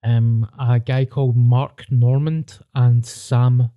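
A man's voice: medium pitch, little pitch movement, takes it slowly, clear, resonant tone, lo-fi sound. A Scottish man telling stories in a laid-back way as host of a casual podcast.

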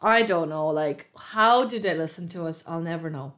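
A woman's voice: low-pitched, normal speed, a bit bright. Blunt woman, Russian speaker. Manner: blunt, swears, laughs easily. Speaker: podcast co-host. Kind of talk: casual chat.

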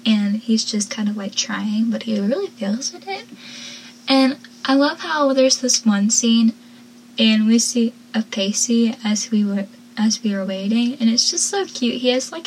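A woman casually recapping a TV episode from her notes as a gushing fan, soft-spoken and often dropping to a whisper. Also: a little high, unhurried, a little hiss or hum, poor audio. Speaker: show recap vlogger.

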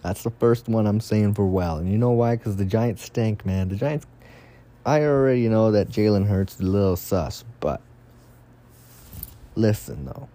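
A young man giving casual solo fantasy football commentary, excitable and rambling, swearing often. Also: lowish voice, moderate pace.

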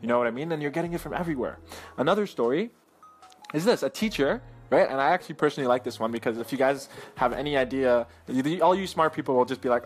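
An energetic man tells motivational stories at a rapid clip. He keeps checking in with his listeners. His voice sits at a middle pitch, with soft music underneath. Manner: energetic, keeps checking in with "right?" and "you know what I mean?". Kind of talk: motivational storytelling.

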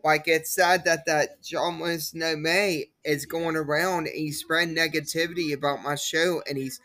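A woman's voice: deep voice, fairly even intonation, moderate pace, a bit bright. A young adult woman hosting her own podcast, talking alone in a rambling, repetitive way with lots of fillers. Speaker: podcast host. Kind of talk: casual solo podcast monologue.

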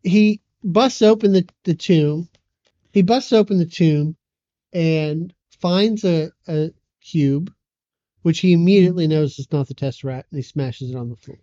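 A woman's voice: fairly low pitch, a little slow, mellow, no room sound, dull audio. A woman co-hosting a casual movie podcast, dryly recapping the plot. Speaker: podcast co-host.

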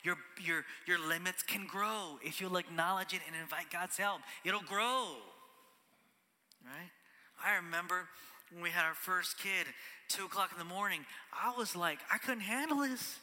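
Man preaching with a bright, ringing voice. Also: high voice, measured pace. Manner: conversational preaching, often ends on "right?", drops to a whisper for emphasis. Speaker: pastor. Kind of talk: sermon. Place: large church hall. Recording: church hall with long reverb.

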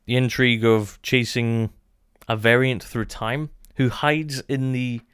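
A man's voice: mid-range voice, steady tone, unhurried, a bit bright, clean tone, dry recording, clean studio sound. A man, co-hosting a casual review chat, musing thoughtfully with many filler words. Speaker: podcast co-host.

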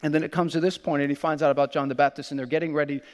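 A man preaching a sermon as pastor, animated, laughing often and acting out quoted lines. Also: fairly high pitch, very fast, long reverb tail.

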